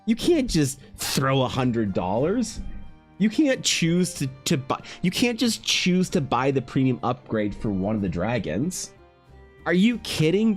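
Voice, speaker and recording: A man running a casual art livestream, talking straight to his chat. His pitch swings widely as he rants in exasperation, with plenty of profanity. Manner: talks directly to viewers. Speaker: art streamer.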